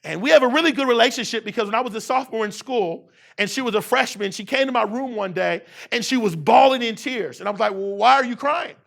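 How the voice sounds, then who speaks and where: A man's voice: very high voice, fast, creaky, hardly any pauses, a bit bright. A man around forty giving a motivational keynote speech, using call-and-response with the audience in a repetitive preaching cadence. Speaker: keynote speaker. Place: university event hall.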